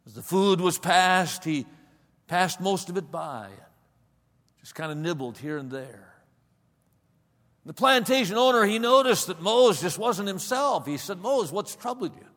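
High-voiced preacher telling a sermon story. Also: male voice, expressive, a little slow, pauses often. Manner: dramatic storyteller, swinging from loud to hushed. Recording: long hall reverb.

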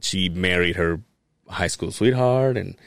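A man's voice: low-pitched, measured pace, no room sound. A man, a podcast co-host telling a casual, profane story and laughing as he goes. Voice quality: animated, swears freely, laughs while telling.

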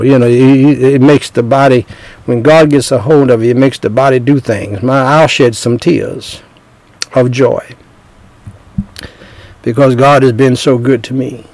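Slow gravelly preacher man, dry sound. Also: darkish tone, no echo, low-quality recording. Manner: emotional, tearful at times, repeats words, rises in pitch when stirred. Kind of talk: sermon.

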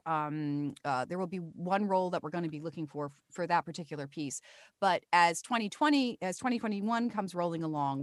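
Woman voice actor, casual interview guest, animated, dry recording. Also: low voice, dry recording. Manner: animated, many restarts and fillers.

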